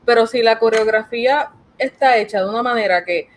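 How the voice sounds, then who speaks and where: Fast-talking woman mixing Spanish and English. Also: a little high, rough recording. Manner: rapid code-switching between Spanish and English. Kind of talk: casual podcast chat.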